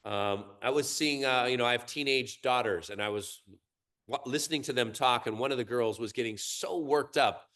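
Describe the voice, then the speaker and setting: A middle-aged man teaching in a workshop, explaining and counting through a slow breathing exercise in a calm, measured way. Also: medium pitch. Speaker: qigong teacher.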